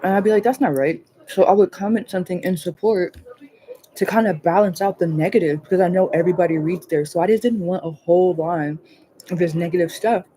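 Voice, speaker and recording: A woman hosting a casual livestream chat, rambling and animated, swearing freely and laughing often. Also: on the low side, a little fast, a little hiss or hum. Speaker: livestream host.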